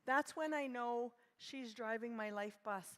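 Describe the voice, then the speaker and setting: Woman, 60s, gentle reflective speaker; high-ish voice, reverberant hall. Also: measured pace. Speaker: conference speaker. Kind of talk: personal talk at a conference.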